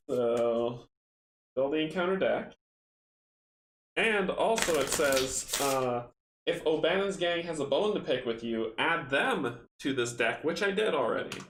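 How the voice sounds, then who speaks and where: A man's voice: medium pitch, a bit bright. A man hosting a card game stream, reading rules aloud and chatting with viewers in a casual, self-mocking way. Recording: roomy echo with faint background noise.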